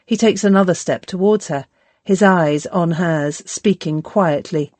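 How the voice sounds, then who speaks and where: A woman reading an audiobook in a measured, steady scripted narration. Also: on the low side, dry recording.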